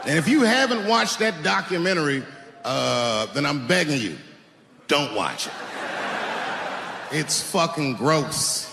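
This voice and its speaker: A man telling profane stand-up stories on a large stage into a handheld mic. His voice sits high and swings widely as he shouts his punchlines. The long hall reverb and audience noise mark it as a live theater recording. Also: sing-song, slow pace, gravelly, long pauses. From Washington, D.C. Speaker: stand-up comedian.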